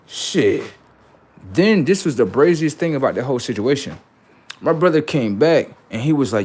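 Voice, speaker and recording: A man's voice: mid-range voice, lively intonation, normal speed, darkish tone, slightly rough. A man livestreaming, telling a story in casual, slangy speech and repeating phrases for emphasis.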